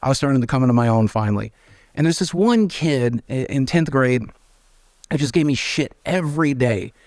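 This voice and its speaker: A man's voice: medium pitch, moderate pace, no echo, clean studio sound. A man with an American accent, an interview guest telling candid stories and acting out the voices of people in them. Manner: animated, acts out quoted voices, frank and self-deprecating. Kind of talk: candid conversational storytelling.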